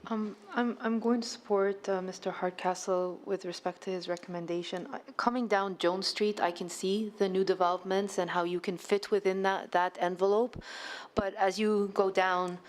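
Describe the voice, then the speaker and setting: A woman on a town committee giving her view in plain, steady speech with some fillers. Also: medium pitch, normal speed. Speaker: committee member. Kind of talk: council meeting remarks.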